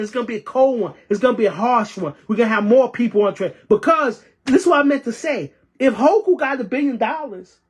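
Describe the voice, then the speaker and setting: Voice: mid-range voice, husky. A transit worker from New York delivering an impassioned rant, heated and repeating phrases for emphasis. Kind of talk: impassioned ranting monologue.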